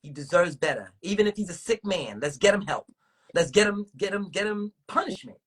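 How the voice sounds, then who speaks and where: A woman with a husky voice, hosting a casual livestream and ranting in animated, profane talk full of rhetorical questions. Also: mid-range voice, brisk. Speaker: livestream host.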